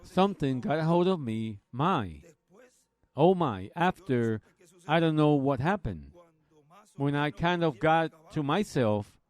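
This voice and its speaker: A man preaching a Bible study, slowly retelling a story and quoting others in a plain, folksy way. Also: on the high side, a little mellow.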